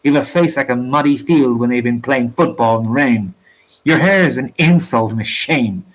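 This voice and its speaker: A man reading aloud, voicing a quarrelsome, boastful sailor who hurls colorful insults in rough sailor's slang. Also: medium pitch, normal speed, natural voice, poor audio. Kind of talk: storybook reading.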